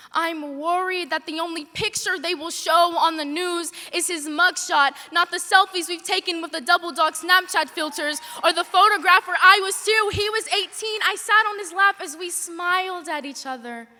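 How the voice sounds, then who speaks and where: A teenage girl performing spoken word poetry on stage, impassioned, moving between hushed lines and shouted ones. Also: high-pitched. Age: teens. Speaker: youth slam poet. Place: large hall on stage. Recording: reverberant hall.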